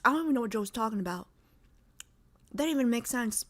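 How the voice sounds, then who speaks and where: On the high side and animated, this young woman talks at a quick pace. She's hosting a livestream and chatting loosely with the audience, wandering from point to point with plenty of fillers.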